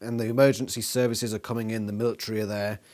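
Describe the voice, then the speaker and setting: A man's voice: on the low side, level tone, fast talker, a little mellow. Sweary sarcastic man. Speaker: book reviewer. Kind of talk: casual book review vlog.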